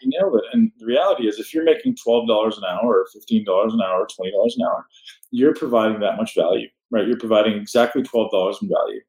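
A man's voice: fairly low pitch, fast, a little mellow. A man hosting a podcast, giving blunt, emphatic motivational advice. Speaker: podcast host. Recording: roomy echo.

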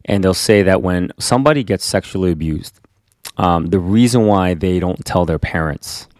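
A man's voice: low voice, normal speed, no room sound, clean studio sound. A man, a pastor, talking earnestly in a casual conversation, telling stories with many restarts. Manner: earnest, animated storyteller with frequent restarts.

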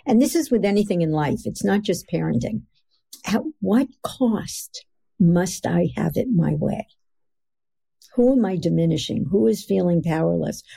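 A middle-aged woman giving an earnest, emphatic podcast interview as the guest expert. She speaks slowly with a low, gravelly voice. The tone is dark and a little husky. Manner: earnest, emphatic, slows down for key phrases.

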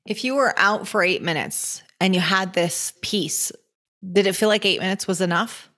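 A woman interviewer asking questions in a reflective, gently probing way. Her voice sits at an ordinary middle pitch. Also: normal speed. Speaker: interviewer host.

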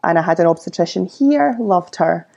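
A Scottish woman in her thirties tells stories in a relaxed, chatty way and slips into the voices of the people in them. Her voice sits low, with a gravelly fry and a dark, mellow tone. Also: normal speed, muffled recording. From Scotland. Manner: chatty storyteller who acts out quoted voices. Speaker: podcast guest. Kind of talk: casual interview chat.

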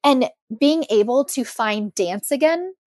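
Young woman on a podcast spilling her story, kinda high voice, lots of likes and ums, super dry sound. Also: a little slow, no room sound. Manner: candid, animated, many fillers. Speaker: podcast guest. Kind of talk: emotional personal storytelling.

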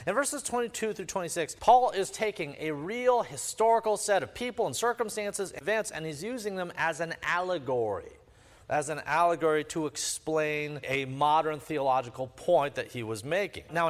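A man's voice: fairly high pitch, long reverb tail. A man preaching a sermon as pastor, emphatic, with sweeping rises and drops in his delivery.

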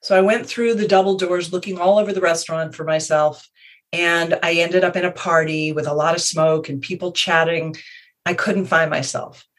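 A woman guest speaking in a measured, reflective way, telling personal stories in a conversation. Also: lowish voice, steady tone.

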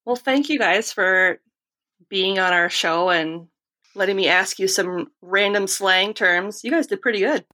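A woman hosts a podcast and chats casually with her guests. Her voice is bright and crisp, and she tells stories in a rambling, chatty way. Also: mid-range voice, measured pace. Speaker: podcast host. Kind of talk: casual chat.

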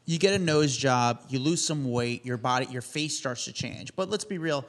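A man with a mid-range, gravelly voice co-hosts a celebrity podcast. He tells anecdotes with animation and acts out the quoted lines as he goes. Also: medium pitch, normal speed, fairly bright tone. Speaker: podcast co-host. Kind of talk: casual storytelling chat.

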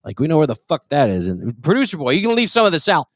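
A man's voice: a little high, wildly swooping pitch, fast, dry recording, studio quality. Wisecracking, profane male podcast host. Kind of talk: crude comedic banter.

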